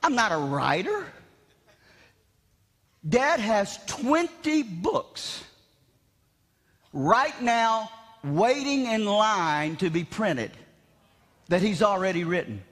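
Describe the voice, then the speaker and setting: A man preaching a revival sermon, shouting with animated, self-mocking humor in a large church. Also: high-pitched, slow pace, pauses often. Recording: long hall reverb in church.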